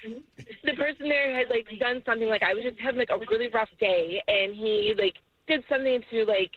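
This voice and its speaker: A woman's voice: on the high side, lively intonation, brisk, creaky. A woman calling in to a radio show, a mother who rambles with lots of fillers over a phone line. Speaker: caller. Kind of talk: phone-in chat.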